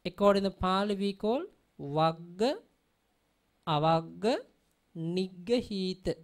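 Slow-speaking woman teaching pronunciation. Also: on the low side. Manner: patiently repeats example words and checks understanding. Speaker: Pali language teacher. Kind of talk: classroom lesson.

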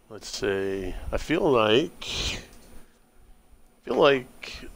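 A man's voice: medium pitch, very slow, vocal fry, pauses often. Casual, laughing American man streaming live. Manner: relaxed, chatty, laughs often, talks to stream chat. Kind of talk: casual chat while gaming.

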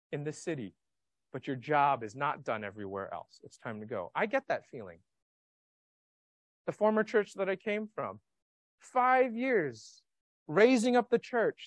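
Animated male pastor preaching. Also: sits high, no echo. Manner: animated, questioning the congregation. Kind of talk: sermon. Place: church sanctuary.

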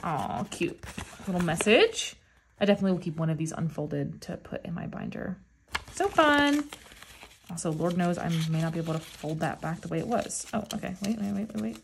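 A woman chats her way through an album unboxing, gushing over each find and gasping often. Her pitch leaps up and down a lot. A faint hiss sits under her voice. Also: normal speed, creaky. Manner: gushing, with frequent excited gasps. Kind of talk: casual unboxing chat.

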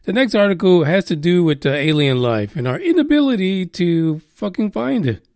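Male podcast host, irreverent and profane, loose rambling delivery, slightly high pitch. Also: very animated, moderate pace, a little mellow, no room sound, clean studio sound. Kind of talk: casual news chat.

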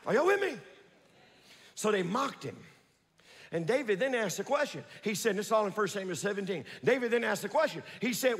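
A man preaches in a strikingly high, husky voice that swoops up and down. He tells the story with animated energy, calls out to his congregation and rises to shouting at the peaks. The sound rings with a long church-hall reverb. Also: a little fast. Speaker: pastor. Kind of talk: preaching a sermon.

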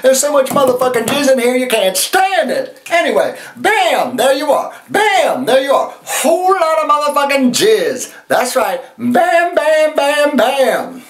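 A man playing a flamboyant male infomercial pitchman with over-the-top sales patter, recorded in an echoey room. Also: big pitch swings, unhurried, few pauses, heavily acted. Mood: hyped.

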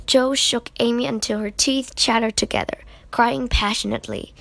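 A woman reading a children's book aloud in an unhurried way, with small slips. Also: on the high side, steady tone, gravelly, no room sound. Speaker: storybook reader.

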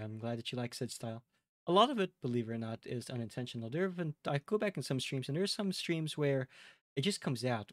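A man's voice: mid-range voice, dry recording, clean studio sound. A man with a Midwestern accent, chatting casually and rambling a little as a live streamer talking to his chat. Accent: Midwestern American. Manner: relaxed, rambling, addresses chat directly.

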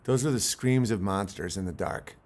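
A man's voice: fairly low pitch, moderate pace, darkish tone. Profane joking man streaming from his farm at night. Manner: profane, joking, mock-spooked, laughs often. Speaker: livestream host. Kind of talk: casual rambling livestream talk.

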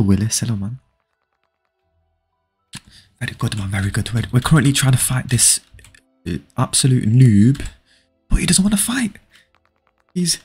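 This young adult man's mid-range voice is husky as he streams a game live and talks with viewers. He keeps urging a friend to fight, pleading and laughing excitably toward chat, with faint music underneath.

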